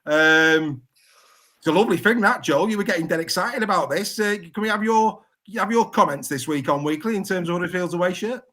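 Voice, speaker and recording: A man's voice: high voice, fairly quick, sharp tone. A man hosting a casual rugby panel chat, teasing his co-hosts with jokey banter. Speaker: host.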